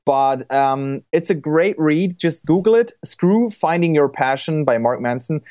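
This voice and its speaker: A man's voice: fairly high pitch, animated, unhurried, darkish tone. A young man talking casually on a podcast about photography, loose and rambling, with lots of restarts and fillers.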